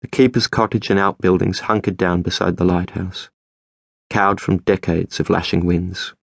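A man narrating a novel as an audiobook, in a measured, steady storytelling manner. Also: deep voice, gravelly, husky, no echo, clean studio sound. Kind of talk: scripted narration.

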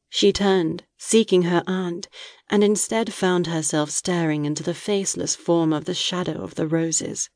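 Woman narrator, audiobook, slow measured dramatic reading, dry close sound. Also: fairly low pitch, fairly even intonation, a little mellow, no echo. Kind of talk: scripted narration of a dark fantasy novel.

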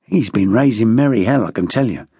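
A man's voice: fairly low pitch, expressive, brisk, dark tone, breathy edge, dry recording, pitched below the performer's own voice. A man voicing a weary, grumbling middle-aged local police officer in an audiobook.

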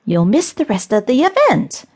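A woman voicing a sly, cruel witch who speaks slowly, in a menacing, mock-gentle way. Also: fairly high pitch, wildly swooping pitch, pitched above the performer's own voice.

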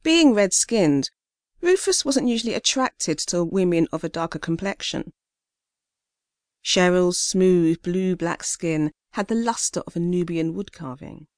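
A woman reading a short story aloud in a steady, measured way as an audiobook narrator. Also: lowish voice, no echo, clean studio sound.

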